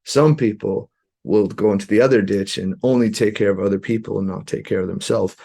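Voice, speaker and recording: Male podcast guest, gravelly, earnest storyteller who keeps it loose and conversational. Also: on the low side, fairly quick, mellow. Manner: loose and earnest, many "you know" fillers.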